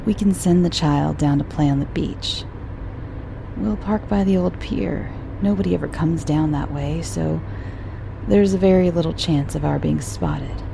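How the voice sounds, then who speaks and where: A woman voicing a smug, flirtatious man with a lowered, easygoing, sly delivery. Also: measured pace, gravelly, noisy background, full character voice. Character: smug, flirtatious grown man, lover of the mother.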